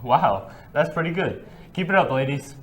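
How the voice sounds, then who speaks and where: A man's voice: a little high, expressive, normal speed. A teenage boy co-anchoring a student sports segment, reading in an upbeat, encouraging way. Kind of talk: scripted news reading.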